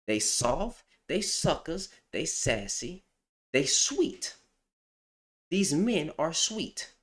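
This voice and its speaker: A man giving a heated, opinionated rant on a livestream, with slangy speech, who repeats phrases for emphasis. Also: a little high. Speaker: livestream commentator.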